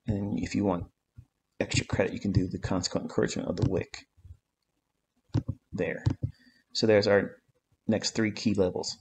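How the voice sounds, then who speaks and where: A man's voice: on the low side, level tone, normal speed, creaky, pauses often, a little hiss or hum. A man giving a live-streamed trading lesson, talking bluntly and emphatically, swearing often and repeating his points. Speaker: trading mentor.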